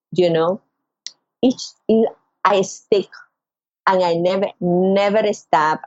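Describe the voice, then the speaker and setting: Her highs are cut off in a dry recording. She's a middle-aged Venezuelan podcast guest with a Venezuelan Spanish accent, recounting an emotional personal story and voicing the people she quotes with expressive, big jumps in pitch.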